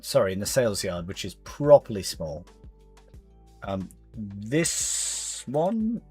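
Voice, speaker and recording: A man's voice: on the low side, darkish tone, slightly rough. A young man chatting casually on a gaming stream, rambling to his viewers and calling them mate. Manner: rambling, chatty, chuckling, talks to chat as mate. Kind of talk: casual live-stream chat while playing.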